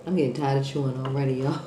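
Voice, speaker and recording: Slow-talking woman eating on camera, roomy echo. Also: low voice, lively intonation, noisy background. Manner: chatty, eating on camera, smacking and sighing. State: out of breath. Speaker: eating show host. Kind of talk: casual mukbang chat to viewers.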